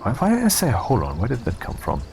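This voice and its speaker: A man's voice: mid-range voice, huge pitch swings, fast, gravelly, darkish tone, a little hiss or hum. A man talking casually over gameplay, rambling and cutting himself off, with wry asides. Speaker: video creator.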